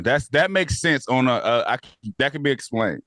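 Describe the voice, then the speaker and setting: A man's voice: mid-range voice, expressive, normal speed, fairly bright tone, no room sound, studio quality. A man co-hosting a review podcast, talking in a casual, incredulous way, swearing and laughing often. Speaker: podcast co-host.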